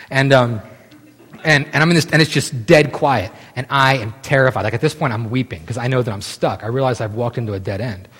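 A man in his thirties telling a long story casually, animated and full of restarts. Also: medium pitch, slightly rough. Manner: animated, many restarts and "right?" asides. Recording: long hall reverb.

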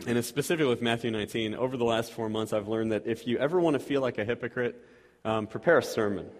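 A man in his thirties or forties giving a casual, self-deprecating sermon and prayer at a church, rambling with restarts and chuckles. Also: fairly low pitch. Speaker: lay preacher. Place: church sanctuary. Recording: reverberant church hall.

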